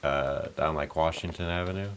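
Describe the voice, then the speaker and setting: A man's voice: very deep voice, steady tone, moderate pace, clean tone. A man chatting casually, reacting with short replies and wry questions. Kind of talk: casual chat.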